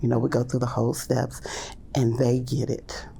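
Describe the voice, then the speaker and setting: A woman teacher with a gravelly, heavily creaking voice and a dark, mellow tone. She tells her classroom stories in a rambling, casual way, full of fillers, and slips into hushed or lifted voices to act out what she and the little ones say. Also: little pitch movement, normal speed. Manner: acts out classroom talk in hushed and high voices; loose, rambling with many fillers. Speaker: early childhood teacher. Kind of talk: casual storytelling in a podcast interview.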